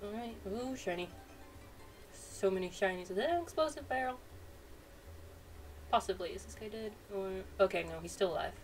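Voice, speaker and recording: A woman gives a playful, chatty commentary while she plays a game. Her voice sits in a middling pitch, set a bit back from the mic, with faint noise behind it. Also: expressive, normal speed, long pauses, distant mic, rough recording. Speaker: gaming channel host. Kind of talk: let's-play commentary.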